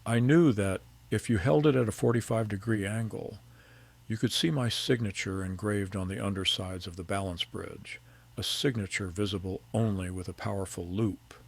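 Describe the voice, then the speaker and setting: A middle-aged man narrating a first-person story in a calm, measured, precise way. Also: lowish voice, gravelly.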